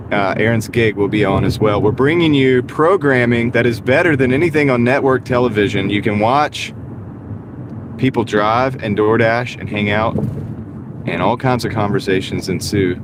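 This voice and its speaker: A man hosting a casual live stream while driving, upbeat and thanking viewers by name, his voice tired and wearing out. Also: medium pitch. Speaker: livestream host. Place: in a moving car. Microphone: wireless mini clip-on mic. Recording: car ride with clear road noise. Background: road and car noise.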